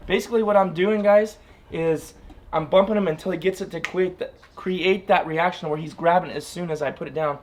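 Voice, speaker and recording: A man's voice: high voice, fairly even intonation, fairly quick, slight background noise. A man training his dog and talking plainly and straight to his viewers in a casual outdoor vlog, often repeating himself. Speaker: dog trainer, channel host.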